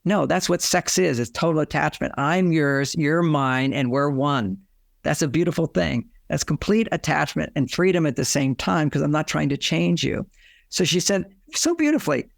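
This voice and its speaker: A man's voice: a little high, normal speed, creaky, dry recording, clean studio sound. An older man, a relationship author, telling anecdotes in an interview and acting out quoted dialogue. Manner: animated, acts out quoted dialogue. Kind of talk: storytelling in a casual interview.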